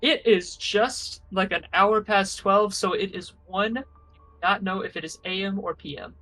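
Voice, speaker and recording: A man's voice: sits high, a little slow, sharp tone, soft background music, low-quality recording. A man acting as game master in a tabletop game, talking casually with lots of hesitant fillers.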